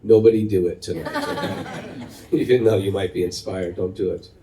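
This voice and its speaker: A man giving a spiritual storytelling talk in an animated, humorous manner, laughing often, in a roomy recording made from a distance. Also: deep voice, normal speed. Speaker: spiritual teacher.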